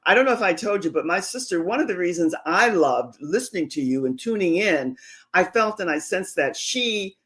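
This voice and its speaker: A man's voice: high-pitched, expressive, moderate pace, fairly bright tone. A male host of a livestream interview, effusive and enthusiastic, often repeating affirmations.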